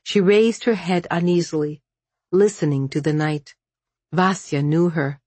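Slow, low-voiced woman narrating. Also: darkish tone, breathy edge, no room sound. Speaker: audiobook narrator. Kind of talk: scripted audiobook narration.

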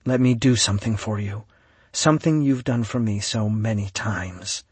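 A man's voice: lowish voice, moderate pace, breathy edge, dry recording. A man voicing a tender, telepathic young woman in an audiobook, speaking earnestly and reassuringly in a raised voice.

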